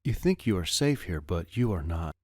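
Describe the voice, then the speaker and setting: A man reading the part of a grave young woman held captive, speaking in measured, formal phrases. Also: low-pitched, sing-song, no room sound, studio quality. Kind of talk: audiobook character reading.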